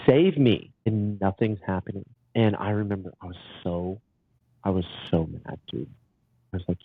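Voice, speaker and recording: A man telling stories as a podcast guest in casual conversation, animated and saying "dude" a lot. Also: lowish voice, creaky, breathy edge, dry recording. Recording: tinny phone-like line, dry.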